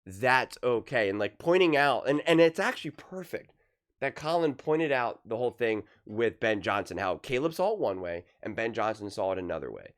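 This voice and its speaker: A man's voice: medium pitch, very animated, normal speed. A man talking through football opinions in a loose, rambling way, often repeating and restarting his words. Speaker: sports commentator. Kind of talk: casual sports opinion talk.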